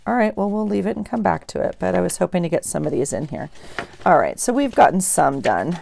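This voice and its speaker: A woman's voice: lowish voice, sing-song, brisk, creaky, darkish tone. A woman vlogger chatting casually at her craft desk, thinking aloud as she journals and opens mail. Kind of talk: casual chat while journaling.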